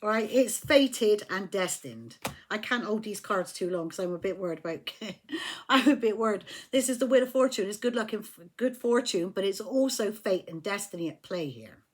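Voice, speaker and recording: A woman's voice: medium pitch, lively intonation, normal speed. A woman giving a casual tarot reading, blunt and emphatic, swearing when riled. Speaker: tarot reader.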